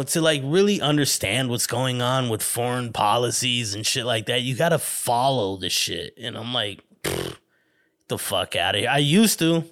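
A man's voice: medium pitch, a bit bright. A man hosting a solo podcast, rambling casually, swearing constantly and laughing often. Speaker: podcast host.

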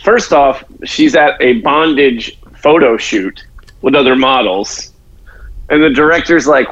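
A man co-hosting a casual movie-review chat, his voice a little high for a man. The recording sounds dull and lo-fi. He speaks in a blunt, profane way. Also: measured pace, a bit bright, a little hiss or hum. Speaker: podcast co-host.

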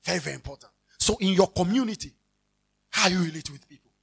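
A pastor with a Ghanaian accent preaches an animated sermon, fast and mid-range, with vocal fry and a breathy edge. He mixes English and Twi, acts out everyday scenes, and sometimes shouts for emphasis.

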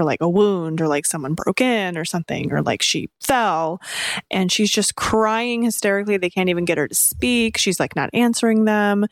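A young woman recounts a spooky family story in a relaxed podcast chat. She talks fast and loose, full of "like", and jumps into little acted-out quotes. The sound is dry and close. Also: medium pitch, dry recording. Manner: animated, acts out quotes with lots of "like". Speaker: podcast co-host.

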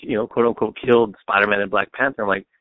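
A man's voice: on the low side, steady tone, fast, dry recording. A man guesting on a podcast, chatting in a laid-back way with casual swearing. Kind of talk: casual chat. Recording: dry, tinny phone-like sound.

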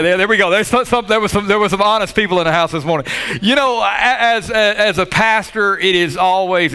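A man's voice: on the high side, bright, forceful tone. A man preaching a sermon as pastor to his church, joking and talking straight to the congregation. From Southern United States. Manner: joking, talks to the congregation directly. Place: church sanctuary with live audience.

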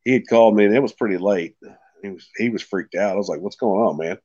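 A man's voice: lowish voice, fast talker, darkish tone, lo-fi sound. A man guesting on a podcast, telling a story in a rambling, folksy way and often saying "like I said". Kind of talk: casual storytelling.

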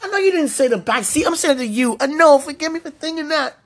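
A woman speaking an emotional prayer out loud, pleading and tender, repeating her phrases. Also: high voice, animated, fast talker.

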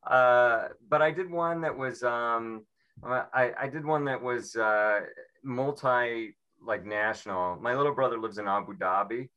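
A man from Seattle doing a rambling, self-mocking stand-up set, slipping into quick mimicry of people. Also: mid-range voice, sharp tone, clean tone, muffled recording. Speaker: stand-up comedian.

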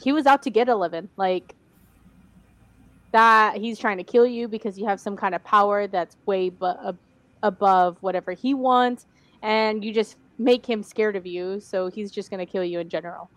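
A young woman co-hosting a casual chat about a TV series, animated and mocking, with some swearing. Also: medium pitch, normal speed, no room sound. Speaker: podcast co-host.

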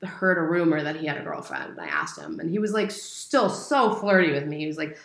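A young woman in her twenties talks through a personal story in a candid, chatty way, her voice sitting low. The room around her is echoey and open. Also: big pitch swings, brisk, fairly bright tone. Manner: candid and chatty, leans on "like" and "you know". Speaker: guest telling a personal story. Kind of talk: casual chat. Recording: roomy echo.

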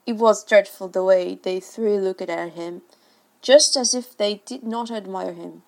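A woman reading a classic children's story aloud with expressive, varied delivery. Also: medium pitch, unhurried. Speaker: reader. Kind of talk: storybook narration.

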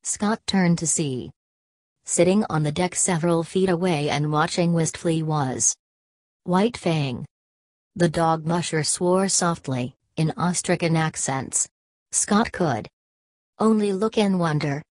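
Brief: woman audiobook narrator, deep and unhurried, dry close recording. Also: a little mellow, dry recording. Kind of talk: scripted narration of a classic novel.

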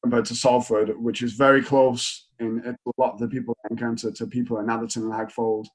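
A man's voice: mid-range voice, little pitch movement, brisk, breathy edge, low-quality recording. A man in his late twenties with a Greater Manchester accent, telling a rambling story in casual chat and acting out what people said. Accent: Northern English, Greater Manchester. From England. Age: 20s. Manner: rambling storyteller, acts out quotes. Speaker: stand-up comedian.

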